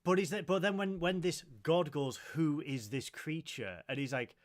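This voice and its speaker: Male podcast co-host, slightly raised pitch, animated retelling with quotes. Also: normal speed. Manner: animated, retells scenes with quoted lines, laughs often. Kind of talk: casual chat reviewing a film.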